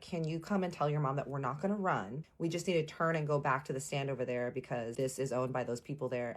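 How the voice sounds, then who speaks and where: Woman, low pitch, casual storyteller, chatty and animated. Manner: animated, acts out quotes, addresses listeners as y'all.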